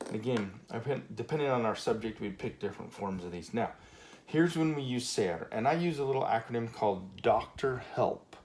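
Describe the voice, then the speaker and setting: A man teaching a Spanish grammar lesson at a whiteboard, relaxed and full of fillers, checking in with "okay" often. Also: medium pitch, fairly quick, a little hiss or hum. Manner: relaxed, many fillers and okays.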